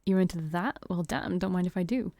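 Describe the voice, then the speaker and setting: A woman voicing a gruff, blunt male bouncer vampire guarding a door in a game story. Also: fairly low pitch, brisk, dark tone, no room sound, lightly acted. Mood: flirty.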